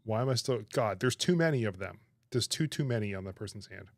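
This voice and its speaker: A man chatting on his livestream, animated and laughing, protesting in exaggerated disbelief. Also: lowish voice, fast, no room sound. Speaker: streamer reacting to chat. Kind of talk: casual livestream chat.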